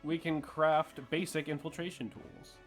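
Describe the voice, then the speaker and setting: A man's voice: a little high, flat delivery, measured pace, faint music behind. A man co-hosting a let's play, joking crudely and reading game lines aloud. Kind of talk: casual gameplay commentary.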